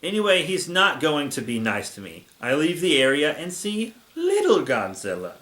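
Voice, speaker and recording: A man's voice: a little high, huge pitch swings, moderate pace, fairly bright tone, echoey room. A man reading the first-person narration of a naive young female giant moth, in a storybook manner.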